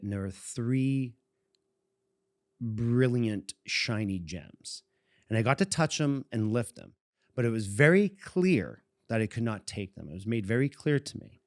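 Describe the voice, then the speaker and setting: Medium-pitched and recorded dry at studio quality, a forty-something Boston man co-hosting a podcast meanders through a long personal tale, chuckling often.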